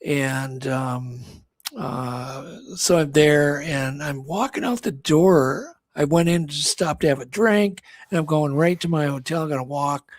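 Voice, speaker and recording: With a slightly high voice and a somewhat slow pace, a talk show co-host meanders through a casual story, full of restarts and performed quotes. There's no echo.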